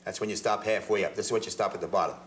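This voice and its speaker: This male drum teacher has a lowish, steady voice and speaks very fast. During his hands-on lesson he lays out the technique step by step, repeating words as he demonstrates, while drum hits sound between phrases. The room is echoey, with noise in the background.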